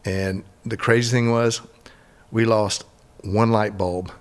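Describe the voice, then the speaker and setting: Relaxed middle-aged man hosting a chat. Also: lowish voice, slow. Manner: rambling, relaxed, many restarts. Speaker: host. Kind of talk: casual interview chat.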